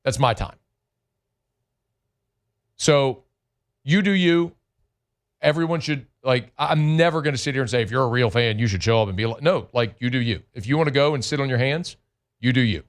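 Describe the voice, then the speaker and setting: A man's voice: medium pitch, normal speed, long pauses. A middle-aged man hosting sports talk radio in a blunt, conversational monologue, stretching words for emphasis into a studio mic. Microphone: studio microphone.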